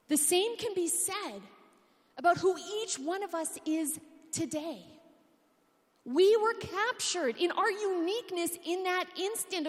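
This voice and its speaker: A woman giving a conference talk in a large hall on a PA microphone, animated and humorous, asking many rhetorical questions. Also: extremely high pitch. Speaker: conference speaker. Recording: long reverb of a conference hall.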